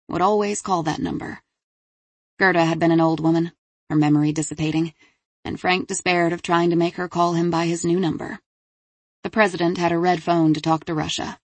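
Low-voiced woman narrating an audiobook. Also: vocal fry, husky, no room sound. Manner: steady, measured. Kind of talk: scripted narration.

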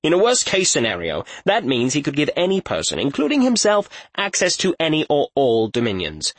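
A wry, pragmatic man talks through a dangerous theory, his remarks dry and level. His voice is husky, in a close, dead recording, read by a male audiobook narrator. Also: on the high side, huge pitch swings, fairly quick, dry recording, pitched above the performer's own voice. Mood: musing. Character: wry, practical man, skeptical thinker. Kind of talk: audiobook character voice.

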